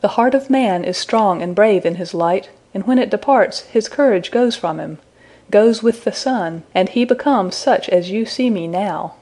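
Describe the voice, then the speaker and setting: A woman voicing a proud young man who is frightened of the dark, speaking sulkily and with scorn, in a storybook reading. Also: medium pitch, moderate pace, natural voice. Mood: pleading. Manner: sulky and scornful.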